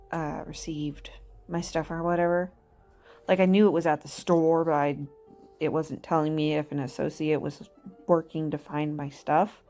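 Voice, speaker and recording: Rambling through her video, this thirties-aged mom vlogger speaks low and a bit mellow, often breaking into laughter at her own expense in a relaxed, chatty way.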